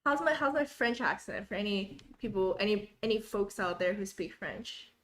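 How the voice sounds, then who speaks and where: A woman's voice: medium pitch, normal speed, a bit bright, a little hiss or hum. A young woman hosting a live study stream at home, reading viewer comments aloud and greeting people by name in a chatty, upbeat way.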